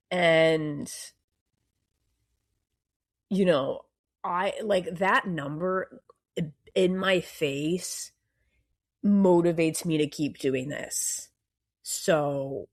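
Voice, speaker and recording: A young woman with a New Jersey accent rants bluntly on her solo podcast, her voice sitting a little low. She swears freely, sounds hot and cranky, and talks in a loose, casual way. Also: darkish tone. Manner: blunt and profane, heavy swearing. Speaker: podcast host.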